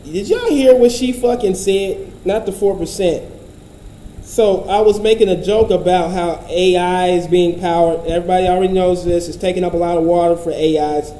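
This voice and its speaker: A man's voice: high-pitched, normal speed, dark tone, reverberant, slight background noise, poor audio. Profane, blunt man ranting. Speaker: commentator. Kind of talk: casual commentary.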